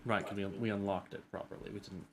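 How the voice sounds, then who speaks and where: A man playing a tabletop game who talks in halting starts, with many ums and restarts. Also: on the low side, level tone, a little hiss or hum. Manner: hesitant, full of restarts and ums.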